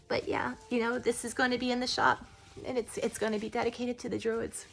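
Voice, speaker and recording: A woman's voice: on the high side, flat delivery, fairly quick, gravelly, soft background music. A woman who owns a witchcraft shop, talking in a casual vlog with enthusiastic, rambling speech full of fillers.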